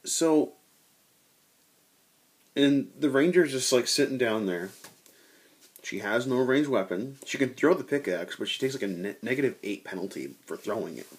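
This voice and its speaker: A young man telling a tabletop game story in a casual, animated way, swearing and acting out quotes. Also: mid-range voice, normal speed, long pauses, slightly rough.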